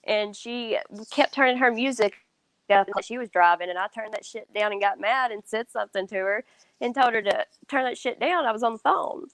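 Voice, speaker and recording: A woman's voice: on the high side, a bit bright, no room sound. A woman in her thirties, a mother, chatting casually and telling blunt, swearing stories about her teenage daughter. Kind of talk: casual chat.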